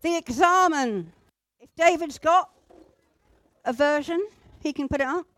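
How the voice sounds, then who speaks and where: A woman teaching a group how to pray, gentle and instructive, with pauses. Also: sits high, dry recording. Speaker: church group leader. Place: indoor room with a group at tables.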